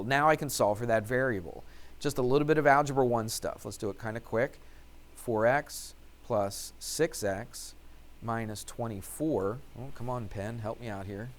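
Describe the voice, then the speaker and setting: A man teaching algebra in a classroom-lecture voice, pitched in the middle for a man. He keeps asking "what?" and then answers his own questions. He talks while writing out the steps. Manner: asks questions and answers them himself. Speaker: math teacher.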